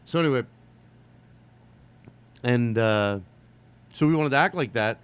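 A man's voice: mid-range voice, expressive, measured pace, clean tone, highs cut off. A man rambling through a casual solo monologue to his viewers, digressive, with casual swearing and lots of fillers. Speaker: vlogger.

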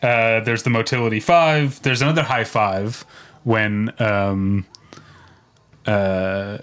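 A man's voice: fairly low pitch, steady tone, slow, fairly bright tone, clean tone. A man co-hosting a podcast, chatting casually with lots of fillers and laughs. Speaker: podcast co-host.

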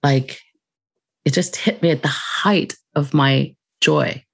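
A woman guest on a podcast, telling a personal story in a reflective, unhurried way, laughing lightly between thoughts. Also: sits low, gravelly, breathy edge, dry recording. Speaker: podcast guest, mindfulness teacher.

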